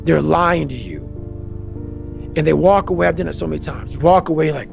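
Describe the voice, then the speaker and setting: Gravelly, intense, profane man. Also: on the high side, a little fast, long pauses. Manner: passionate, profane, emphatic. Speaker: podcast guest. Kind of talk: intense motivational monologue. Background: faint background music.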